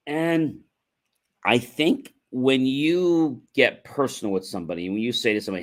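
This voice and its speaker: A man hosting a motivational livestream, talking earnestly and repeating himself, with frequent fillers and asides to "ladies and gentlemen". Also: mid-range voice, sing-song. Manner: measured delivery with frequent fillers. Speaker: host.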